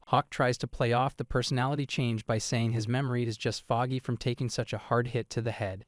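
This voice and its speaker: A man giving a scripted comic story recap with a steady, casual delivery. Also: medium pitch, no room sound, studio quality. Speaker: recap narrator.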